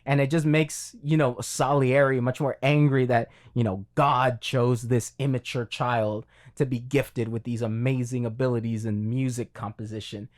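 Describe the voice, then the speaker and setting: A man's voice: medium pitch, fairly even intonation, moderate pace, few pauses. A man co-hosting a casual film review podcast, talking in long rambling runs with many fillers and restarts. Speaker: podcast co-host.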